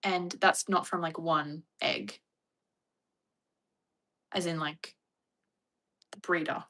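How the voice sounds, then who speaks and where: A woman's voice: sits low, steady tone, takes it slowly, a bit bright. A young Australian woman chatting casually on a livestream with a wry, chatty manner. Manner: chatty, wry, mock-dramatic impressions.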